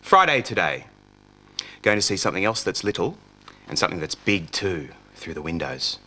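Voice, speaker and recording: A young man presenting a children's TV show, talking slowly and playfully in a sing-song way for small children. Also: sits low, sing-song, bright, forceful tone. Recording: music playing along.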